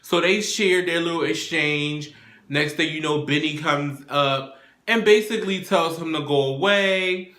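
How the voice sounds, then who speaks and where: Man, TV recap host, casual and profane, acts out quotes, bright voice, echoey room. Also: a little high, unhurried. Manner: profane, retells scenes by acting out characters' lines.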